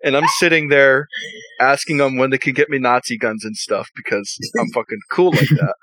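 A man's voice: mid-range voice, normal speed, a bit bright, no echo, poor audio. A man hosting a podcast, telling crude stories with lots of swearing and laughter. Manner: profane, laughing storyteller. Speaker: podcast host. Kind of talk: crude casual chat. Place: south of the US.

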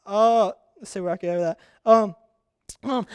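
A young man preaches in a high, smooth and clear voice, recorded close and dry. He talks like he is chatting with the congregation, animated and full of restarts. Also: moderate pace, no echo. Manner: conversational, animated storytelling with frequent restarts. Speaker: pastor. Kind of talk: sermon.

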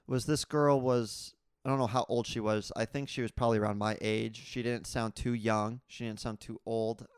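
A young man hosting his own solo podcast, talking casually and rambling with fillers, growing animated when retelling a story. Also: medium pitch, smooth, dry recording, studio quality. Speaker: podcast host.

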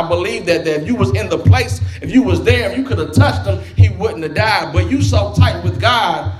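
A high-voiced man preaches a sermon in a loose, conversational way. His voice rings out in a roomy hall while music plays clearly underneath. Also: expressive, normal speed. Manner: conversational, folksy preaching with vernacular phrasing.

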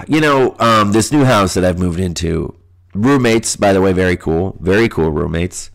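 A man's voice: sits low, lively intonation, a little fast, gravelly. A man from the Midwest with a nasal, stuffed-up voice, hosting a solo podcast in a crude, profane, ranting way. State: stuffy nose from allergies. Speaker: podcast host. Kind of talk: casual solo podcast monologue.

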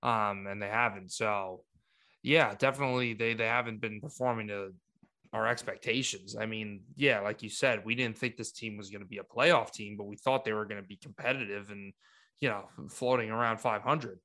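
A man co-hosting a sports podcast, talking in casual, animated rants with frequent restarts. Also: on the low side, normal speed. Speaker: podcast co-host.

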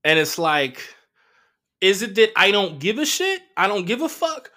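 A man hosting a comedy podcast alone, telling profane relationship stories with animated acted-out quotes. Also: high voice, unhurried. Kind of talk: casual solo monologue.

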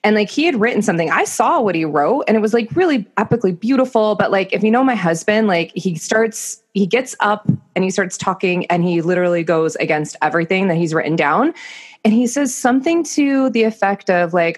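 A woman co-hosting a podcast, with a mid-range voice. She tells stories in an animated, chatty way and fills her sentences with "like.". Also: medium pitch, fairly quick. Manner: animated storyteller, many fillers. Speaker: podcast co-host. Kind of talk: casual chat.

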